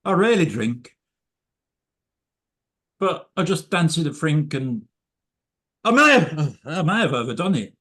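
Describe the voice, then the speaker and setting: A man doing a comic spoken-word piece at a poetry night, stumbling and stammering through a sweary drunken persona. His voice sits fairly high and swings all over the place. He takes it slowly. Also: sing-song, fairly bright tone. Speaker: open mic performer. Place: live poetry night venue.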